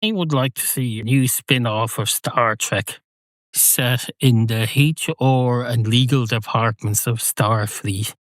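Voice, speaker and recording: A man rambles through a deadpan stream-of-consciousness comic monologue, often correcting himself. His voice sits at a middling pitch. It is recorded close and dry, with no room sound. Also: slow, no room sound. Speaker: comedy podcast host.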